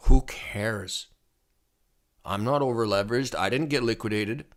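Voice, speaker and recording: A man giving casual, rambling commentary on crypto charts as a trading educator, excitable and prone to repeating himself. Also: lowish voice, a little slow.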